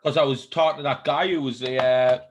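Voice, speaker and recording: A man's voice: mid-range voice, fairly even intonation, a little fast, muffled recording, slight background noise. Blunt man chatting football. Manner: blunt, swears freely. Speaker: podcast co-host. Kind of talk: casual banter.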